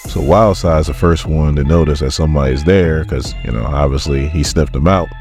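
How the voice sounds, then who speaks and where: A man's voice: rumbling low, normal speed, darkish tone, faint music behind. A man casually recapping a comic book, retelling scenes with laughs and quoted lines.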